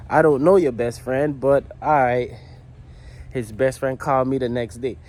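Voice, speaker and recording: A man's voice: mid-range voice, steady tone, moderate pace, a little mellow. Man slangy, rambling garage vlogger. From U.S. Virgin Islands. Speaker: motorcycle builder. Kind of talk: casual vlog talk. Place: home garage.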